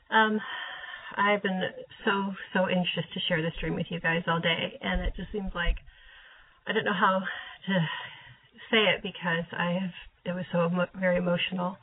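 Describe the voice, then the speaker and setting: A woman telling an emotional personal testimony about a dream, at times dropping to a whisper. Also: medium pitch. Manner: emotional, breathy, drops to whispers. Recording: tinny phone-like audio.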